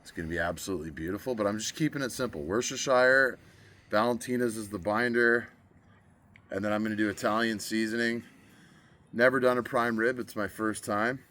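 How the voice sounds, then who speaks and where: A man's voice: lowish voice, fairly quick, sharp tone. A laid-back man hosting his own barbecue cooking vlog, chatting casually and thinking aloud as he works. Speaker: barbecue cook and show host.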